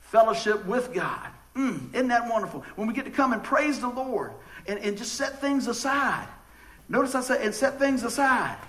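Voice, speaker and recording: A pastor with a very high, fairly bright voice preaches a casual sermon, animated and at a moderate pace, in a low-quality recording. He's a folksy, joking storyteller whose jokey stories are full of stammered restarts.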